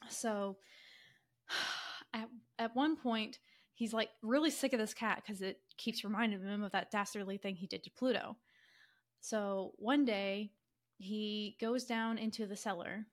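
A woman podcast co-host casually retelling a story, animated and full of fillers, acting out characters' lines in quick quoted voices. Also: mid-range voice. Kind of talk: casual chatty story summary.

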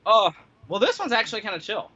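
A man tells pet-sitting stories in a casual chat, acting out his own past reactions with animated energy. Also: high-pitched, fast, crowd noise. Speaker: podcast guest telling pet-sitting stories. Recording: slightly dull lo-fi sound.

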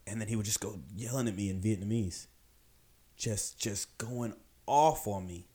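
Low-voiced man telling a lively story. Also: moderate pace, pauses often. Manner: animated, emphatic, acts out the people he quotes. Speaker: podcast storyteller. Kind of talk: casual storytelling.

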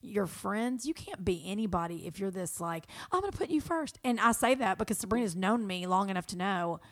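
A woman from Kentucky with a Southern American accent, co-hosting a podcast in an animated, folksy, casual chat. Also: mid-range voice, brisk. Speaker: podcast co-host.

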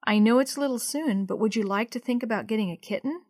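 Storybook part: caring mom, gentle and soft-spoken, firm at times, voiced by a woman narrator. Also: on the high side, fast, no echo, clean studio sound, lightly acted. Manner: soft, gentle, turning stern. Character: gentle, caring mother of a young girl.

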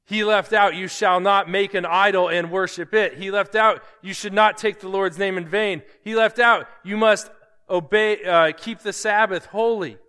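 A man's voice: high voice, steady tone, moderate pace, sharp tone, smooth, long reverb tail. A man pastor preaching a sermon, emphatic, often asking his listeners rhetorical questions.

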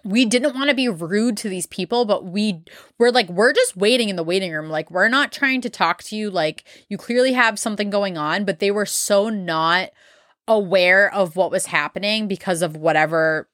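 A woman's voice: mid-range voice, normal speed, a bit bright, no echo, studio quality. Chatty young woman, swears a lot. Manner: filler-heavy, swears bluntly. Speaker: podcast host. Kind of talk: casual storytelling.

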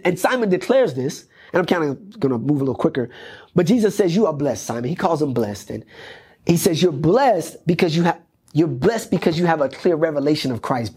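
Husky-voiced pastor preaching. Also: male voice, a little high, sing-song, fairly quick, a little mellow. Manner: repetitive, emphatic preaching cadence. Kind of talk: sermon. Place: church.

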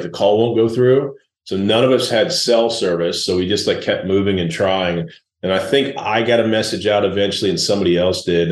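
A man's voice: fairly low pitch, echoey room. A man in his forties, a guest entrepreneur telling blunt, laid-back stories in a casual interview.

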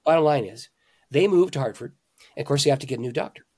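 A husky-voiced man speaking at a middle pitch, a pastor telling stories as a guest in a conversation. He talks with lively emphasis, rising and getting louder at the key points, then dropping low and quiet. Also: quick pace. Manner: animated, emphatic, jumps between loud and hushed. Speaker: pastor and author, interview guest. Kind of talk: conversational storytelling.

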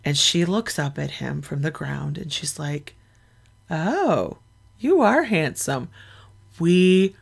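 A woman hosting her own podcast, telling stories in a chatty, animated way. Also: low voice, vocal fry, breathy edge. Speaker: podcast host. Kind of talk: casual solo podcast chat.

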